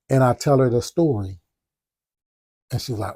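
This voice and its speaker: A man hosting a podcast, casually telling a personal story in an animated way with spoken sound effects. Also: mid-range voice, fairly quick, long pauses, slightly rough, no room sound, clean studio sound. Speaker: podcast host.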